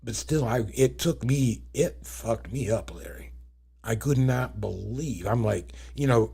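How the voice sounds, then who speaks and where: A man's voice: medium pitch, lively intonation, a little slow, gravelly, mellow, breathy edge. A man in his fifties co-hosting a talk show, chatting casually in a blunt, joking way with plenty of cursing. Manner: blunt, profane, joking storyteller. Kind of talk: casual chat.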